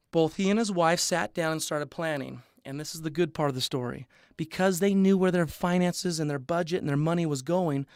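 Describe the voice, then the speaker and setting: A man's voice: fairly high pitch, smooth, dry recording, studio quality. A man giving an upbeat, conversational sales presentation, throwing rhetorical questions at his audience. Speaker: business opportunity presenter.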